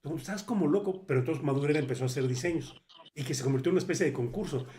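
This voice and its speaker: A man's voice: medium pitch, warm tone. A male host, retelling a guest's story in a rambling, casual way before handing over the question. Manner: rapid, rambling retelling with fillers.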